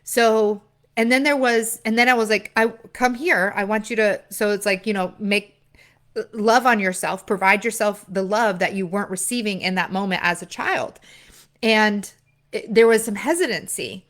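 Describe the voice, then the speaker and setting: A woman's voice: mid-range voice, moderate pace, fairly bright tone. A woman talking candidly in a casual personal vlog, rambling with fillers as she retells conversations. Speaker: business coach.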